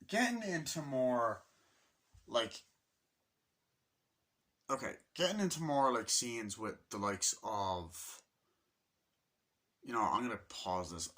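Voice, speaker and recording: A man's voice: lowish voice, fairly bright tone. A man giving a casual, rambling movie review, swearing freely and loosely chatty.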